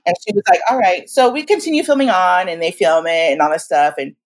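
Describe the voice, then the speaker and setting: A woman in her forties, guest in a casual interview, telling stories in an animated, slangy way and acting out what people said. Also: fairly low pitch, quick pace. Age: 40s. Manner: animated, slangy, acts out quotes.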